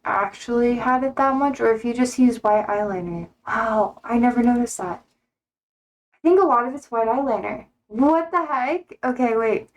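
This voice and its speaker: A woman's voice: on the high side, poor audio. A young adult woman streamer chatting casually on a live stream, rambling and full of fillers, often cutting herself off mid-thought. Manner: rambling, filler-heavy, self-interrupting.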